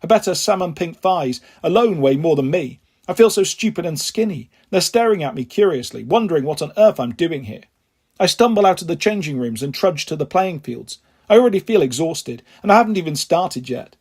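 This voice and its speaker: A man reading a children's novel aloud in a steady first-person storytelling manner, with a husky voice. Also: a little high, a little fast. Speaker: audiobook reader.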